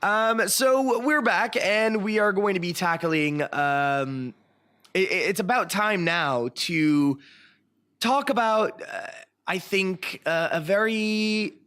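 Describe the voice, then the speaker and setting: A man's voice: high-pitched, slow, a bit bright, smooth. A man hosting a casual chat, giving strong opinions with frequent ums and restarts. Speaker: host.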